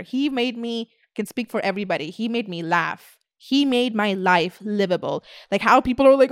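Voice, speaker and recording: A woman's voice: a little high, animated, normal speed, no room sound, clean studio sound. A woman influencer ranting casually to her viewers, blunt and full of swearing, often slipping into mocking imitations of her critics. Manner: blunt and heavy on swearing, breaks into mock voices of critics. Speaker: internet influencer. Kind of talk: casual vlog rant.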